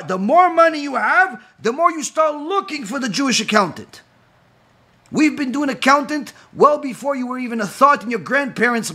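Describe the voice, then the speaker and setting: A rabbi giving an impassioned talk, firing rhetorical questions and acting out quoted voices. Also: male voice, very high-pitched, sharp tone, breathy edge.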